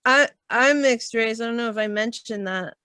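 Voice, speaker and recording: A woman doing stand-up comedy, hesitant and offhand, with deadpan punchlines. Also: on the high side, moderate pace, clean tone, no echo.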